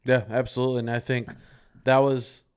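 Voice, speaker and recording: A man's voice: mid-range voice, level tone, brisk, smooth. A man hosting a church podcast, casually prompting a guest with short agreements. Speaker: podcast host.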